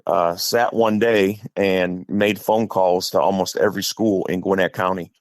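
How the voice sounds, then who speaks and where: Guesting on a podcast, this Wisconsin coach, a middle-aged man who leads a high school football team, spins a long, meandering story in his Upper Midwest accent. He speaks in a low, steady voice at a measured pace, with no room sound.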